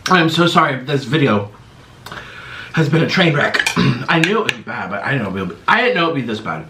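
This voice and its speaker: A man hosting a mukbang eating vlog, talking to camera in a halting, strained way, his mouth numb and stinging from the spice. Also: medium pitch, very animated, reverberant, background noise. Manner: strained, halting talk while suffering from spicy food. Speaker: mukbang host.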